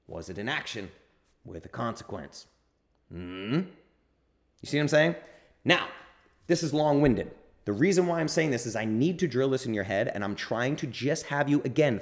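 A man hosting a solo self-help podcast, talking bluntly and emphatically with some swearing and repeating his points to drive them home. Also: mid-range voice. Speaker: podcast host and coach. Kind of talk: solo motivational podcast monologue.

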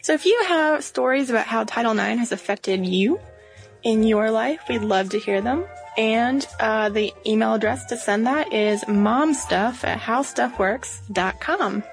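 Woman co-host, gravelly voice, slightly high, casual chat, faint music. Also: measured pace. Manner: conversational, reads listener mail. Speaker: podcast co-host.

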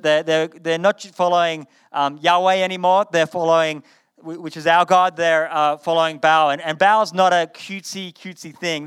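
Smooth-voiced man preaching casually. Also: a little high. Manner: conversational, animated retelling with repeated words. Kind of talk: sermon. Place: in front of a live audience.

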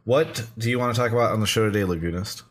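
A man hosting a relaxed livestream podcast. His voice sits a little low, and he talks in a loose, rambling way, restarting sentences and filling pauses as he goes. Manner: rambling, restarts often, many fillers. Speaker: podcast host. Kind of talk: casual livestream talk show.

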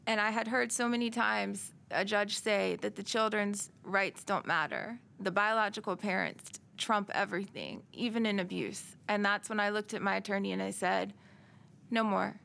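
A middle-aged woman speaks as an interview guest, her voice bright and edged with a gravelly fry. She tells her story in an earnest, measured way, with frequent pauses. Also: medium pitch, fairly even intonation. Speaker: interview guest, survivor of domestic abuse. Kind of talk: personal testimony in interview.

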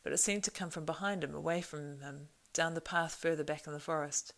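A woman reads a storybook aloud in a measured, expressive way. Her voice sits low for a woman, with a steady gravelly rasp. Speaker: audiobook narrator. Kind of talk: storybook narration.

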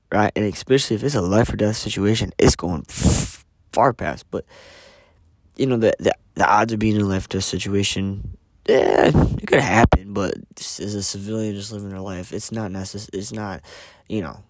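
Guy venting to his camera, low voice, swears a lot, gets real quiet sometimes, dry close sound. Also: no room sound. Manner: emphatic, swears freely, drops to near-whispers at times. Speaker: vlogger. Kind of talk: candid personal reflection to camera.

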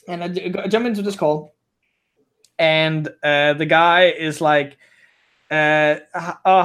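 A man's voice: fairly high pitch, steady tone, a little slow, fairly bright tone, smooth. A man who is not a native English speaker, telling a long story in casual podcast chat, rambling with many restarts. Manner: rambling, frequent restarts and self-corrections. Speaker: guest storyteller.

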